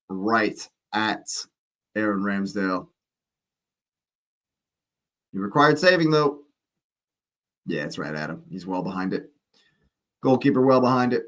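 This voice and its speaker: A man's voice: low voice, a little slow, long pauses, fairly bright tone. Slangy man doing live match commentary. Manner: chatty, exclaims at play, slangy asides. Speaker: watch-along host.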